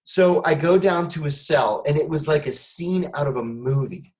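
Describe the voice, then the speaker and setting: A man's voice: on the high side, moderate pace, low-quality recording. A man being interviewed, telling a long personal story and acting out the voices of the people in it. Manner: animated storyteller, acts out quoted voices. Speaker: guest, former intelligence officer.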